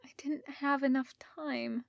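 A woman voicing a soft-spoken, anguished male Jedi in a fan audiobook reading. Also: fairly high pitch, fairly even intonation, slow, no echo. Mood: miserable whisper. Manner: soft, hushed.

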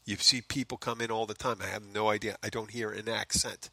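Bright, profane Philly podcast man. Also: fairly low pitch, fairly even intonation, a little fast, few pauses, dry recording. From Philadelphia. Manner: rambling, profane, self-mocking asides. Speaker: podcast host. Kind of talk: casual comedic monologue. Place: home in the Florida Keys.

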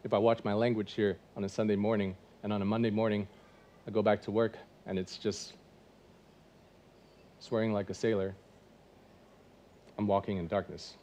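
A man's voice: fairly low pitch, level tone, moderate pace, pauses often, dark tone, a little hiss or hum. A man in his forties preaching a sermon in a church, conversational and full of rhetorical questions. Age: 40s. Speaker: pastor.

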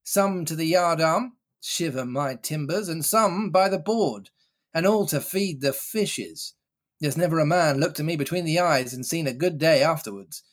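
A man playing a gruff, menacing old pirate cook. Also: on the high side, expressive. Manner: menacing, blustering, drawn-out threats.

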